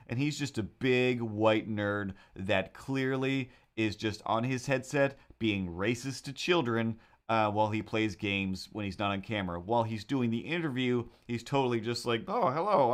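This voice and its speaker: A man's voice: medium pitch, measured pace, few pauses, fairly bright tone. Guy hosting a drawing stream, rambly and sarcastic, keeps restarting sentences. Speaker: host of a drawing livestream. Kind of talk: casual chat.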